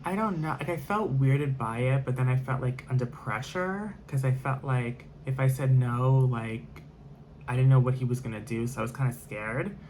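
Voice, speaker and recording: A man's voice: mid-range voice, moderate pace, darkish tone, a little hiss or hum. A man telling a personal story in a casual monologue, rambling with lots of fillers and restarts.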